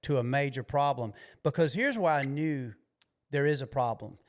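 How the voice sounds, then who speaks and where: A man's voice: mid-range voice, moderate pace. A man hosting a podcast, telling stories bluntly and with emphasis in casual conversation. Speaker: podcast host.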